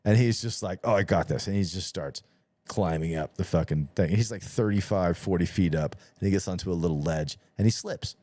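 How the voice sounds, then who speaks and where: A low, mellow male voice, heard close and dry with no room sound. He hosts a casual podcast chat and tells stories with plenty of cursing. He acts out each exchange, giving every person a turn. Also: a little fast, no echo. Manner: swearing, animated storyteller acting out both sides of the talk. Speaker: podcast host.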